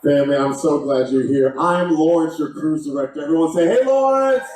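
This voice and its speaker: A man, working as a cruise director and hyping up a live crowd with call-and-response shouts, heard from a distance in a ship lounge. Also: on the high side, fairly even intonation, a little fast, very echoey. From Texas. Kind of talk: live crowd hype emcee. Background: loud cheering crowd and noise.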